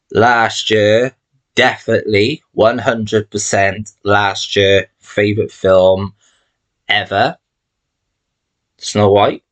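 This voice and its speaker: A man speaks in a rather low voice at an unhurried, drawn-out pace. He talks casually and chattily to camera, wandering between thoughts and landing hard on his opinions. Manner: chatty, rambling, emphatic opinions. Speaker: channel host showing his film collection. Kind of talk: casual vlog talk to camera.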